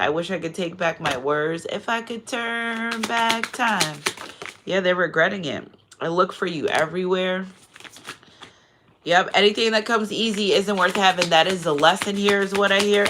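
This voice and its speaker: A tarot card reader and channel host gives her viewers a casual spiritual card reading, chatting digressively and often asking "you know what I'm saying." She grows effusive and emotional when thanking them. Her fairly low voice holds a steady tone at a moderate pace over background noise.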